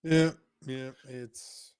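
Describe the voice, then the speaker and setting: A man's voice: mid-range voice, steady tone, extremely slow, darkish tone, smooth, dry recording, clean studio sound. A young man co-hosting a casual political chat show, talking bluntly, cursing often and rambling while he addresses the live chat. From Canada. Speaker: podcast co-host.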